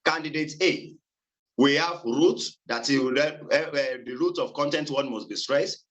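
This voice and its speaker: Halting man presenting a phonology seminar. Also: fairly high pitch, a bit bright, rough recording. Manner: halting, many fillers and repeated words. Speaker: student presenter.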